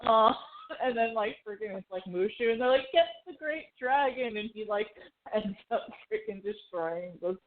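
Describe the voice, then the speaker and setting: A woman's voice: medium pitch, moderate pace. A woman co-hosting a podcast, chatting casually and emotionally, with lots of fillers and acted-out quotes. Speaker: podcast co-host. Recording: tinny phone-like audio.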